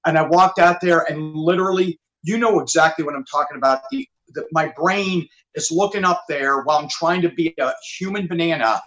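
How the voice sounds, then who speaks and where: Excitable male guest telling stories. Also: fairly high pitch, brisk, few pauses, echoey room, poor audio. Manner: enthusiastic, storytelling, repeats phrases. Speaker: musician guest. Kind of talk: casual interview chat. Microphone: video call from his home studio.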